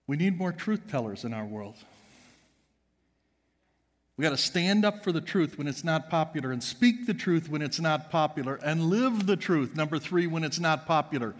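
High-voiced preacher guy, really animated, booms then drops quiet, long church echo. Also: moderate pace. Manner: emphatic, swings from loud to hushed. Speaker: pastor. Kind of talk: sermon. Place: church sanctuary.

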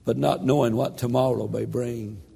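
An older man preaching a sermon, telling a story in a slow, dramatic delivery that drops to a hush. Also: medium pitch, steady tone, vocal fry, husky, big-room sound.

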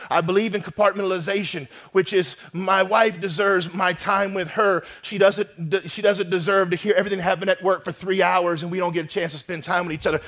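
A man preaching a sermon as pastor, emphatic and swinging between loud declarations and hushed asides. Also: high voice. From North America.

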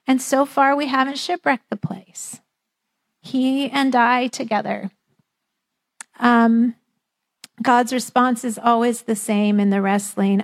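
High-pitched middle-aged woman pastor preaching, chatty and a bit funny, acts out quotes. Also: a little slow, vocal fry. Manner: conversational, lightly humorous preaching, acting out quoted voices. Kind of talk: sermon.

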